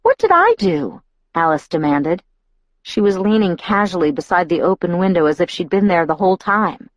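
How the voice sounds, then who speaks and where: A woman's voice: lowish voice, a little fast, no room sound. A woman reading a novel aloud in the first person, reflective and inward. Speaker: audiobook narrator.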